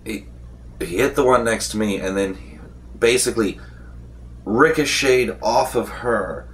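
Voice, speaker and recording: A man's voice: fairly low pitch, unhurried. A young man casually recapping a tabletop role-playing session, rambling with fillers and restarts and acting out what the players said. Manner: acts out the game master's and players' lines.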